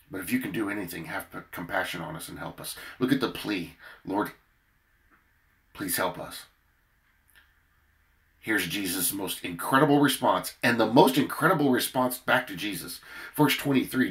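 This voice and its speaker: Earnest deep-voiced man preaching. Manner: earnest, emphatic, swells and drops in loudness. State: worn out. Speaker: preacher leading a daily prayer. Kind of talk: devotional sermon with scripture reading.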